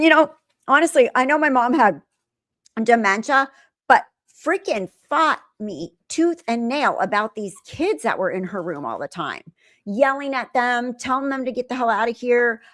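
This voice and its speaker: A woman's voice: mid-range voice, fairly bright tone, no room sound, studio quality. A middle-aged woman hosting a live stream, chatting casually with her viewers and telling stories animatedly. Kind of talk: casual live commentary reading chat.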